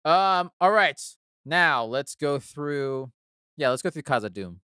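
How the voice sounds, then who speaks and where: Upbeat podcast guy, laughs a lot, swears, smooth voice, dry mic. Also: on the high side, lively intonation, measured pace, bright, forceful tone, no room sound. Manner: enthusiastic, laughs often, swears casually. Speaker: podcast co-host. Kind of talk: casual chat.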